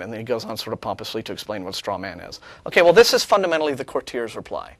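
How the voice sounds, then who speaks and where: Sarcastic man with a lively voice. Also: on the low side, rapid-fire, dry recording. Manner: sarcastic, animated, restarts often. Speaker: co-host. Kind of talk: casual chat, reading and rebutting an email.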